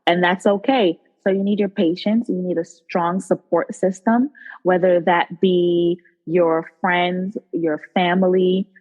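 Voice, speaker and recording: A woman nurse turned cook, a podcast guest telling her story in an animated, casual way. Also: fairly low pitch, unhurried, lo-fi sound. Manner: animated storyteller who acts out quotes. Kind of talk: casual interview talk.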